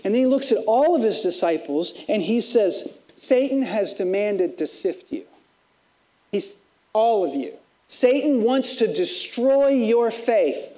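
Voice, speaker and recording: Pastor guy preaching, super animated, voice jumps all over, plays out the quotes. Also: very high voice. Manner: repeats words when building a point. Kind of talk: sermon.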